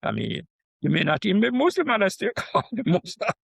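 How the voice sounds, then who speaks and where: An older man from Jamaica, a professor guest, talking in an animated storytelling way with frequent asides. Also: sits high, brisk, gravelly, slightly rough, dry recording. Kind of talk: conversational interview.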